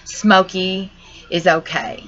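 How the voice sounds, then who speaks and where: A young woman talks straight to her vlog viewers, rambling and distressed, swearing as she goes. Her voice sits a little low but has a bright, tense edge. The audio is dull and lo-fi. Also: little pitch movement, slow. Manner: distressed, rambling, says y'all and cusses. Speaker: vlogger. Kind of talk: emotional personal vlog.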